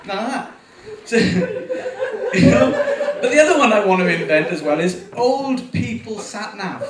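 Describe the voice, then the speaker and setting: Heavy background noise surrounds this nervous first-time stand-up comic, a man in his 40s playing a small venue to a live audience. His voice sits high and is very animated yet unhurried as he rambles, swears and laughs at his own jokes. It's picked up from a distance in an echoey room with faint ambience.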